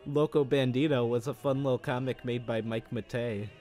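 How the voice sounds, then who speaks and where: A man's voice: medium pitch, steady tone, normal speed, warm tone, soft background music. A man playing a fighting game with a friend, teasing him and laughing often. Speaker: gaming co-host. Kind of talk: casual gameplay banter.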